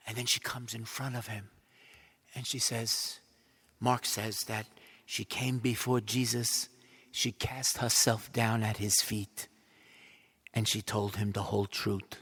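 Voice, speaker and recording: A male priest preaching a retreat talk in a large church, telling the story animatedly. He swings from loud bursts to near whispers. His voice is bright and forceful, with a long reverb trailing behind it. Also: medium pitch, steady tone, normal speed, husky. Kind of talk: retreat sermon.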